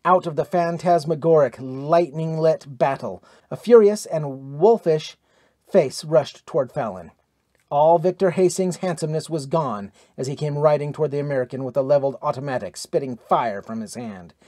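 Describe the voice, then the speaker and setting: Male narrator for pulp adventure audiobook, fairly high, dramatic, dry close sound. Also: moderate pace, dark tone, no room sound.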